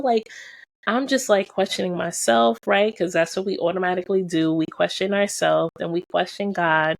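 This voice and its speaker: Woman vlogger, gravelly fry, dry close sound, emphatic and direct with viewers. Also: fairly low pitch, moderate pace, no room sound. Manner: emphatic, repeats phrases for stress; slangy and direct, addresses viewers. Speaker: vlogger and fashion brand founder. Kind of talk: candid personal vlog storytelling.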